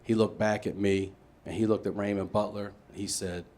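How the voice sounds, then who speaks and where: Fields: Sex: man. Style: stand-up storytelling, animated. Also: fairly low pitch, normal speed. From Maryland, USA. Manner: animated, acts out voices, builds to loud punchlines. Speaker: stand-up comedian. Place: comedy stage with a live audience.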